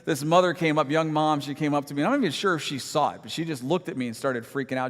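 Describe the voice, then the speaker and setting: A man's voice: on the high side, fast, few pauses, fairly bright tone, in a large hall. A man preaching a sermon, telling a personal story in a conversational, self-deprecating way with humorous asides. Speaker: pastor. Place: church sanctuary.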